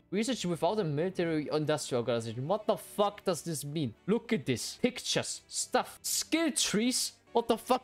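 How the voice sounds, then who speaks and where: A young man giving casual, profane gameplay commentary as a streamer, excitable and quick to outbursts. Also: on the high side. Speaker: gaming streamer.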